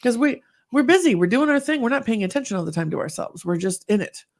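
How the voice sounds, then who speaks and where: Lively storytelling woman, slightly gravelly. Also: a little high, fast talker. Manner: animated storyteller, acts out quoted voices. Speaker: podcast co-host. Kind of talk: casual podcast chat.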